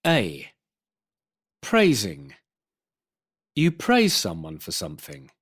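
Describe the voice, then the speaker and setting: A man announcing section headings of a vocabulary textbook in a drawn-out, emphatic way. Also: on the low side, wildly swooping pitch, slightly rough.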